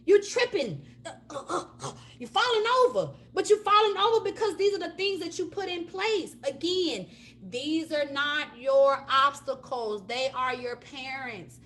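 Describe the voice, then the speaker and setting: Leading a live class on spiritual astrology, a woman with a high, slightly bright voice builds her points through repetition, stacking phrases and checking in with "okay?" and "you understand?". Her delivery is preachy and emphatic, unhurried, with lively intonation.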